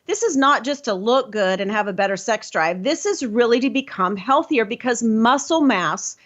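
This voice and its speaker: Bright-voiced woman explaining health matters. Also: a little high, lively intonation, moderate pace, highs cut off. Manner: explains in bursts with restarts. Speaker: health show host. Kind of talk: casual health talk.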